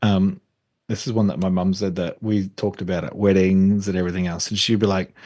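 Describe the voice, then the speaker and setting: A man co-hosting a podcast, talking in a relaxed, hesitant way with lots of fillers. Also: deep voice, brisk, no room sound. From Australia. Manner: relaxed, hesitant with many fillers, laughs easily. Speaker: podcast co-host. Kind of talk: casual chat.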